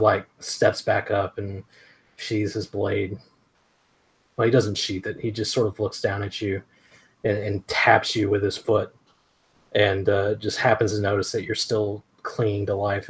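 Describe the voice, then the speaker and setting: A man runs a tabletop game as game master, narrating slowly and deliberately with many small fillers. His voice is low and slightly husky.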